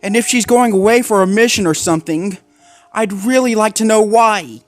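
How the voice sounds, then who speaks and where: A lonely, anxious young female husky pup, voiced by a man, pitched far above his own voice. She pleads gently and sounds unsure of herself. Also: moderate pace, soft background music, natural voice. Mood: worried, pleading. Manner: pleading, then panicked and crying.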